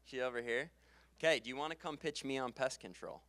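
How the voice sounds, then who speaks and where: A young man coaching a live seminar audience on sales, energetic and quick to laugh, and he closes his sentences on a falling pitch. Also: no room sound. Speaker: sales trainer. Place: conference room with live audience. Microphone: handheld stage mic.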